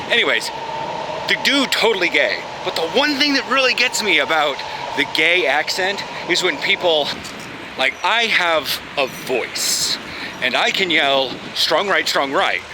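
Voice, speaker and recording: Chatty man vlogging outdoors over street noise. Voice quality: loud booming voice. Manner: chatty, joking, swears often. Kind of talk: casual walking vlog chat. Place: outdoors in a city and a park. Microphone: handheld camera. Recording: street noise and passing traffic. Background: traffic and trams.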